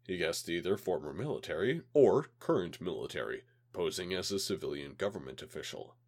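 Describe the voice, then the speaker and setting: A man reads a science fiction tale aloud as an amateur audiobook, storytelling with drama. His voice sits low yet moves a lot in pitch, and he sounds slightly ill. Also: animated, brisk, darkish tone. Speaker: narrator.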